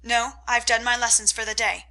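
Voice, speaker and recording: A woman's voice: on the high side, little pitch movement, moderate pace, bright, forceful tone. A woman voicing a cheerful, helpful teenage boy neighbor in a storybook reading. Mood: breezy.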